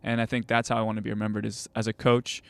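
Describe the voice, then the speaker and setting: A man's voice: lowish voice, flat delivery, fast talker, gravelly, no echo. A young man, a goalkeeper coach and host, telling stories casually with many fillers and restarts. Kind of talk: casual conversational storytelling.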